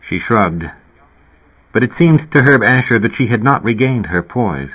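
A man narrating an audiobook in a slow, deliberate way. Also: mid-range voice, lively intonation, husky. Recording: tinny phone-like sound.

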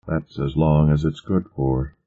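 A man's voice: very deep voice, steady tone, measured pace. A man voicing an intense, brooding male scientist who speaks abruptly and impatiently. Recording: muffled lo-fi recording.

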